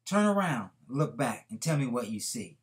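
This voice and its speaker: A man voicing a calm, reassuring father who speaks softly and steadily. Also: medium pitch, moderate pace, lightly acted. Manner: calm, soft-spoken.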